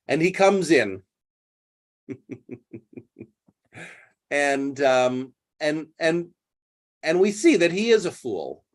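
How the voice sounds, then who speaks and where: A man's voice: on the high side, sing-song, extremely slow, pauses often. A man teaching English, retelling a play and explaining words in plain terms. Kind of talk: literature lesson retelling a play.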